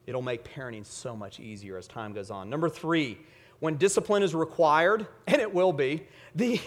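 A man preaching a sermon to parents, emphatic, leaning hard on key words and then dropping to quiet asides. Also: medium pitch. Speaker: pastor.

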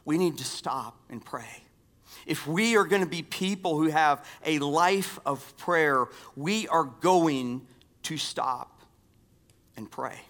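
A pastor giving a sermon, repeating key phrases and dropping from strong emphasis to near-whispers. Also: male voice, fairly high pitch, expressive, slow pace. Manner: dynamic swings from loud emphasis to hushed near-whispers.

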